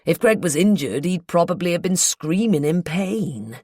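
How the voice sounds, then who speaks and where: A woman voicing an earnest, guarded local man with a North Devon accent, in a slow, confiding, colloquial way, for an audiobook. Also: lowish voice, animated, dark tone, breathy edge, no room sound, studio quality. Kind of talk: audiobook character voice.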